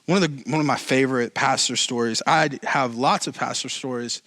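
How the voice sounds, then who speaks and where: A man's voice: medium pitch, brisk, bright, forceful tone, dry recording. A man pastor giving a conversational sermon, mixing joking asides with emphatic preaching.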